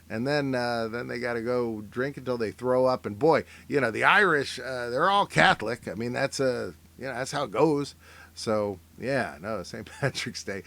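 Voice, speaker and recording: A middle-aged comedian riffs casually on memes in comic commentary, his medium-pitched voice gravelly and a bit bright. He rambles wryly, interrupts himself with fillers like "uh," and slips into mock voices when quoting people.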